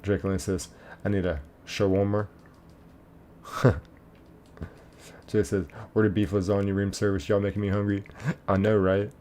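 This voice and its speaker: A man's voice: lowish voice, little pitch movement, normal speed, long pauses, a little mellow, a little hiss or hum. A man streaming a game, casually reading chat messages aloud, laid-back and chuckling.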